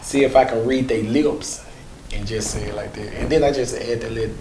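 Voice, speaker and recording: A man's voice: medium pitch, fairly even intonation, brisk, crowd noise. A man from Mississippi with a rural Southern accent, chatting casually as an interview guest, joking, laughing easily and restarting his sentences. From Mississippi, USA. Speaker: comedian and voiceover creator, guest. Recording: echoey room with clear background noise.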